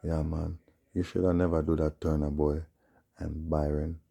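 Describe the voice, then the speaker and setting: Scornful gravelly Jamaican man ranting. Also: level tone, moderate pace. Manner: scornful, mocking, swings into loud high outbursts. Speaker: video commentator. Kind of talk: ranting commentary.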